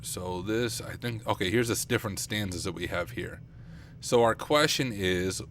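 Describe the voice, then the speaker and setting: A young man streaming live at night and thinking aloud as he works, chatty and self-deprecating with viewers, his voice getting rough. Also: lowish voice, moderate pace, fairly bright tone, slight background noise. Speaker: streamer, penetration tester. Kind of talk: casual live-stream talk while working. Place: home computer room at night.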